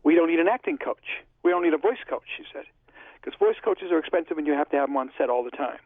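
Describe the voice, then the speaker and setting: A chatty man with a fairly high voice tells stories in an interview, acting out each exchange as he goes. He comes through a tinny, phone-like line. The sound is dry, with no room echo. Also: animated, fast. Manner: chatty, retells conversations in dialogue. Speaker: interview guest, filmmaker. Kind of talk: casual storytelling interview.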